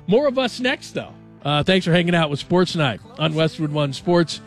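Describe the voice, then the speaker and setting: A man hosting a sports radio show, chatting casually and reading headlines in a jokey, animated way. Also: a little high, normal speed, faint music behind.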